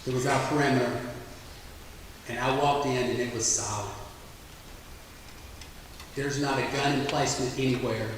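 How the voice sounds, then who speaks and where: A man's voice: mid-range voice, a bit bright, a little hiss or hum. A middle-aged man, a military veteran giving a plainspoken storytelling speech. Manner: plainspoken, anecdotal. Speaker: military veteran guest speaker. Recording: echoey hall from far off.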